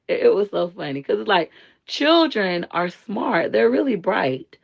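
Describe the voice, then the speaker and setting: Gravelly-voiced blunt woman streamer. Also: medium pitch, measured pace. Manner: blunt, animated, slangy. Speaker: live stream host. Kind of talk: casual commentary and storytelling.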